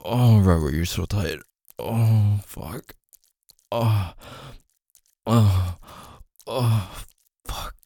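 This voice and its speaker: Deep gravelly man, hushed intimate role-play. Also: very slow, pauses often, no echo, clean studio sound. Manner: murmured, often whispered, with frequent moans and groans. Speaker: audio role-play performer.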